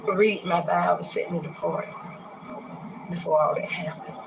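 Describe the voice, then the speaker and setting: Older man, 60s, high gravelly voice, halting delivery, noisy recording. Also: steady tone, highs cut off. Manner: halting, hesitant retelling with many pauses and restarts. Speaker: man recounting a police arrest. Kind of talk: recorded street interview.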